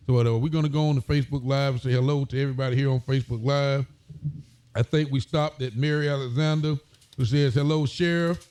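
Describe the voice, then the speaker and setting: A man's voice: medium pitch, fairly even intonation, fast talker, darkish tone, clean tone. A man, a sheriff hosting a casual talk show, greeting viewers by name in a folksy way.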